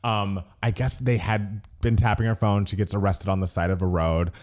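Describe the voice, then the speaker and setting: A man's voice: fairly low pitch, little pitch movement, normal speed, a little mellow. A man animatedly telling a story as he recaps a reality TV episode in casual chat, swearing now and then.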